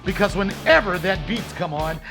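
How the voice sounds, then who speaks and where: A middle-aged man hosting a comedy podcast, brash, profane and joking, often slipping into a loud hype voice. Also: high voice, normal speed, over music. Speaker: podcast host.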